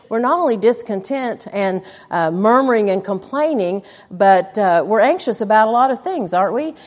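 A middle-aged woman with a medium-pitched, darkish voice leads a women's Bible study in a conversational style. She asks the listeners questions and mutters quoted asides under her breath, all carried on the long echo of a large hall.

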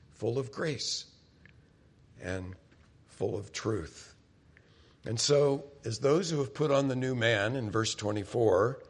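A middle-aged man preaching a sermon as pastor, talking conversationally and speaking directly to the congregation. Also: medium pitch. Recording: long hall reverb.

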